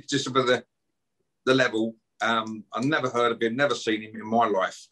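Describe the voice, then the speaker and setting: A man's voice: medium pitch, fairly bright tone, husky. A man doing a swearing rant. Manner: aggressive, swearing, taunting. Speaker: podcast guest. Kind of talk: heated podcast rant.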